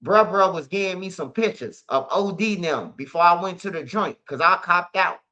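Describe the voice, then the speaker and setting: A man's voice: sits high, lively intonation, moderate pace, pushed and bright. A man, a show host telling stories in a casual monologue, heavy on street slang and "bro". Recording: slightly dull lo-fi audio.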